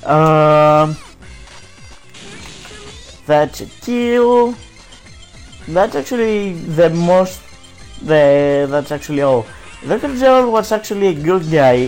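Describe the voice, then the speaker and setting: A man's voice: a little high, slow, a little mellow, faint music behind, low-quality recording. A man reading on-screen game text aloud while casually commenting on his play, often hesitating and restarting.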